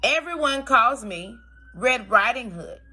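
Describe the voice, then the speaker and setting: Woman voicing a sweet trusting little girl, polite, storybook, bouncy pitch. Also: lively intonation, takes it slowly, sharp tone, full character voice. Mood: cheerful. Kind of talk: read-aloud storybook.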